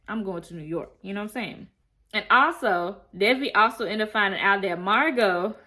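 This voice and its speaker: A woman in a casual, animated recap of a TV show, telling it in a slangy, chatty way. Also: medium pitch. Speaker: TV show reviewer.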